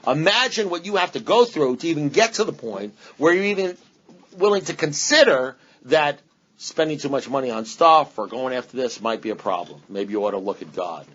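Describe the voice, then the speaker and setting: A man's voice: mid-range voice, lively intonation, a little fast, fairly bright tone. A man speaking at a recovery meeting, rambling and blunt, with punchy repetition and sarcastic asides. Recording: dull lo-fi meeting recording.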